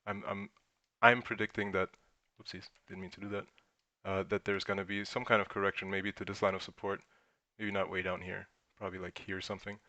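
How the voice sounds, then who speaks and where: A man's voice: low-pitched, little pitch movement, brisk, few pauses, bright, forceful tone, no echo, dull audio. A man chatting casually on a live stream, thinking aloud with restarts as he points at a chart.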